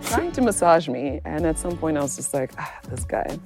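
Animated woman telling a date story. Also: low-pitched, a little fast, soft background music. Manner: animated, laughing, acts out voices in her story. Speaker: podcast host. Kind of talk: casual storytelling chat.

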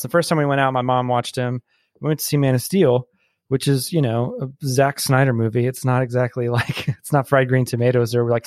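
A man in his thirties, a podcast guest telling stories in a loose, animated way, laughing often and filling gaps with um and like. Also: medium pitch, no echo, studio quality. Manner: animated storyteller, laughs often, many fillers. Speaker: podcast guest, brewery employee. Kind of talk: casual podcast conversation.

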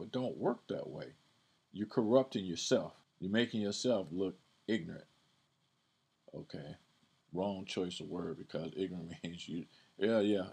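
A man with a deep, low-pitched voice and a husky edge explains scripture on his podcast. He speaks casually and conversationally, circling back on his words and leaning into the verses he reads aloud. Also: darkish tone. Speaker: podcast Bible teacher.

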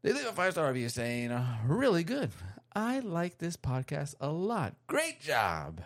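This podcast host has a gravelly edge to the voice and a loose, playful delivery. They ramble cheerfully through listener reviews, laughing easily along the way. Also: medium pitch, huge pitch swings, unhurried. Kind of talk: casual podcast chat, reading listener reviews aloud.

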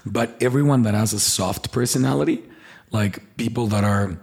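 A man's voice: on the low side, a little fast, creaky. A man on a podcast chatting casually and animatedly, acting out the voices of the people he describes. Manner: animated storyteller, acts out quoted voices. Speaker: podcast co-host, personality trainer.

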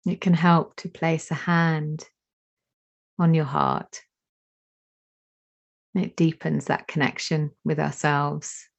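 Slow, low, gravelly woman guiding meditation. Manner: slow soothing instructions with long pauses. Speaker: meditation teacher. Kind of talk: guided meditation. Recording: dull lo-fi recording.

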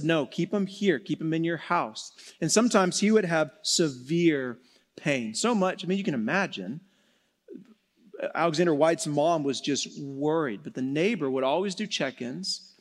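A man preaching a sermon in an earnest way, slowing and dropping soft for emphasis, then rising again. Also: a little high. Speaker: pastor.

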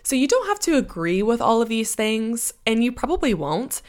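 A woman's voice: on the high side, very animated, normal speed. A young American woman hosting a podcast, talking casually on her own and drifting into side notes. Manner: chatty, rambling with side notes. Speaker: podcast host. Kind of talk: casual solo monologue.

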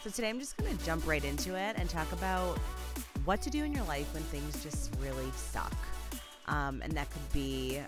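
A woman in her thirties, a life coach, hosts her own solo podcast with casual, upbeat chatter packed with "like" fillers. Her voice is low-pitched and expressive at a normal speed, heard over loud music.

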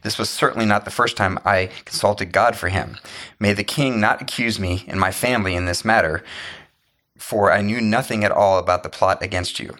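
A man's voice: lowish voice, moderate pace, a bit bright. A man voicing a humble, loyal priest who pleads respectfully. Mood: pleading.

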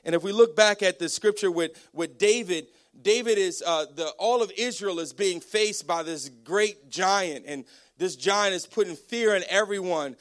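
Man, pastor, sermon, high voice, energetic storytelling, frequent restarts. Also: normal speed.

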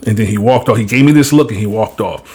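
A man hosting a podcast, talking in a casual, blunt and profane way as he tells an animated story and gives his views. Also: on the low side, fast, slightly rough. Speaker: podcast host.

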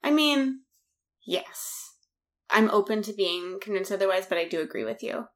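A woman's voice: mid-range voice, expressive, normal speed, fairly bright tone. Chatty woman podcast co-host. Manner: chatty, hedging with fillers. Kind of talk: casual podcast chat.

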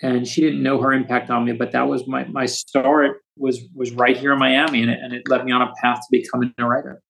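A man in his fifties from the United States, an author telling stories with quick asides as a podcast guest. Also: medium pitch, flat delivery, vocal fry, a bit bright, rough recording. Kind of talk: storytelling interview.

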